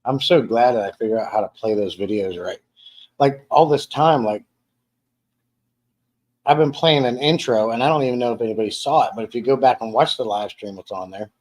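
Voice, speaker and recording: In his dining room at home, a man with a medium-pitched, brisk voice hosts a casual live stream. He rambles easily, often restarting sentences and repeating words as he reads viewer comments aloud and chats.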